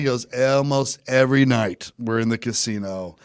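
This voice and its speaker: A man's voice: medium pitch, normal speed, hardly any pauses, no echo, studio quality. Profane, rambling male podcast co-host. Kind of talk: casual chat.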